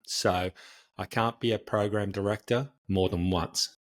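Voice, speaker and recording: Low-voiced man telling stories as a guest. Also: steady tone, unhurried. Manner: storytelling, acts out other people's reactions. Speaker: podcast guest, change specialist. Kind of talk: conversational interview answers.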